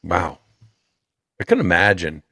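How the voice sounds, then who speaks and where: A man's voice: low-pitched, wildly swooping pitch, unhurried, creaky, bright, forceful tone, dry recording. A man hosting a podcast, reacting in a casual, amused way. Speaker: podcast host. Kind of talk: casual chat.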